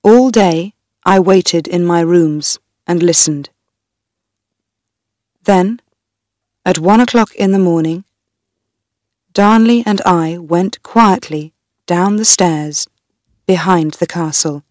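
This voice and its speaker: Woman reading a story for learners, super slow, lowish voice, dry close sound. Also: a little mellow, dry recording. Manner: slow, careful, plainly spoken. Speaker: audiobook reader.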